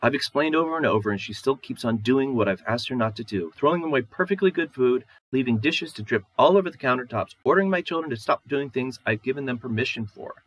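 A man reading aloud and voicing a distraught young wife, shrill and aggrieved, pleading through tears. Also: lively intonation, fast, hardly any pauses, a bit bright, rough recording.

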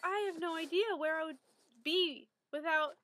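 A woman's voice: very high-pitched, normal speed, bright, forceful tone, a little hiss or hum. A teenage girl talking casually to her friends in a vlog, gushing and stumbling over her words when she gets emotional. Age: teens. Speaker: vlogger.

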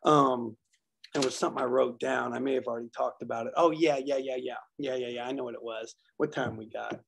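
A man's voice: mid-range voice, fairly even intonation, a little fast, vocal fry, noisy background. A man speaking casually at a recovery workshop, telling rambling, self-deprecating stories.

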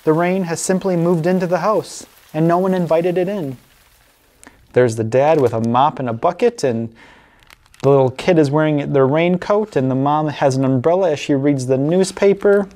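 A woman librarian reading picture books aloud at a family story time, expressive and warm. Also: low voice, moderate pace. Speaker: children's librarian.

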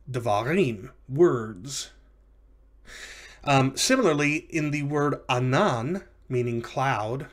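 A man teaching a recorded language lesson in a mid-pitched voice. He walks through each example carefully, pausing with fillers and correcting himself as he goes. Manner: explanatory, with frequent fillers and self-corrections. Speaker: lecturer.

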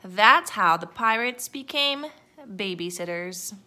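Bright-voiced woman reading a picture book aloud. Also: medium pitch, takes it slowly. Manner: lively, expressive storytelling to children.

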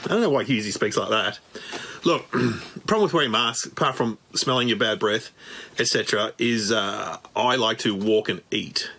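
A man's voice: lowish voice, moderate pace, gravelly, pushed and bright, breathy edge. A middle-aged Australian man doing dry, self-mocking stand-up comedy to camera.

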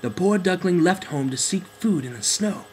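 A man narrating a children's storybook in a gentle, expressive way. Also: high voice, moderate pace, a little hiss or hum, rough recording.

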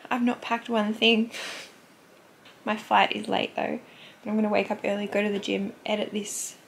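A woman's voice: mid-range voice, vocal fry, fairly bright tone, slight background noise. A young Australian woman chatting candidly to camera in a casual vlog, swearing now and then. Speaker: vlogger.

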